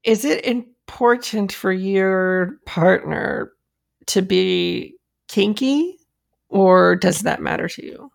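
A woman's voice: medium pitch, animated, takes it slowly, gravelly. A woman hosting a podcast, asking guests direct questions and laughing along. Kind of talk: interview questions.

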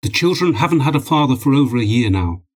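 A man reading the lines of a weary wife in a storybook, calm and firm. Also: mid-range voice, fast, voice pushed up, close to an everyday voice.

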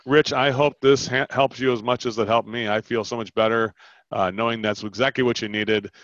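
During a coaching call, a man animatedly role-plays a sales exchange from both sides. His mid-range voice is fairly quick and dry. The call sounds dull and lo-fi.

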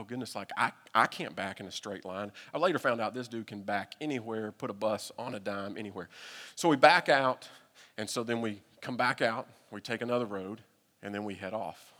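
A man with a Southern US accent, a pastor telling a humorous, animated story during a sermon. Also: on the low side, brisk. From United States. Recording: long reverb from a hall.

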